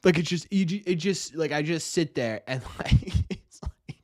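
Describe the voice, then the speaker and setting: A man's voice: fairly high pitch, moderate pace. Rambling, laughing young male streamer. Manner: rambling and self-mocking, laughs often. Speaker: live stream host. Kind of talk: casual live stream chat.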